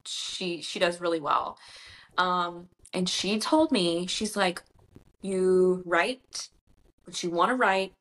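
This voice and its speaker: A woman's voice: lowish voice, takes it slowly, fairly bright tone. A woman, a debut author chatting casually in an interview and retelling conversations with quoted voices.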